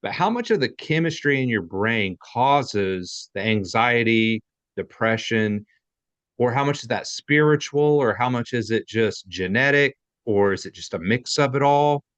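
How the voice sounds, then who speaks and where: A man's voice: mid-range voice, lively intonation, unhurried, fairly bright tone, no room sound, highs cut off. A man hosting an interview, asking long, candid, rambling questions. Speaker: podcast host. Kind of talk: conversational interview.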